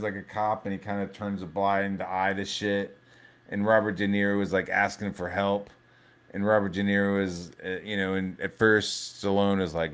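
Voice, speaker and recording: A man hosting a live stream in a casual, rambling rant. His voice sits on the low side, and he swears freely and jumps between thoughts. He often restarts his sentences. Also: clear, resonant tone. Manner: profane, rambling, animated. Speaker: livestream host.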